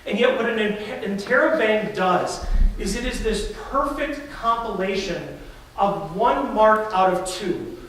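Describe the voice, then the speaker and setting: A pastor preaches an animated, story-driven sermon, now and then taking on the voices of the people in the story. His voice is high for a man. Recorded from far off in a large church sanctuary, the sound is distant and full of heavy reverb over faint room noise.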